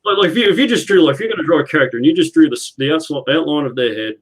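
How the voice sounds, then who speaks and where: A man's voice: on the high side, rapid-fire, breathy edge, low-quality recording. A man on a writers' video call panel, explaining his point earnestly with analogies. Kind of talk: casual video call chat.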